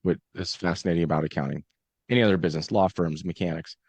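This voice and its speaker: A man co-hosting a podcast, chiming in casually with quick, emphatic comments. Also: low voice, darkish tone, husky, no echo. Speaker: podcast co-host. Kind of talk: casual conversational podcast talk.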